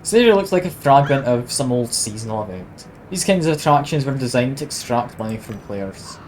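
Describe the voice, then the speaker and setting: A man's voice: mid-range voice, lively intonation, fairly quick, a little hiss or hum, low-quality recording. A man streaming a video game, reading the on-screen text aloud and adding wry, self-mocking asides. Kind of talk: casual let's-play narration, reading game text aloud.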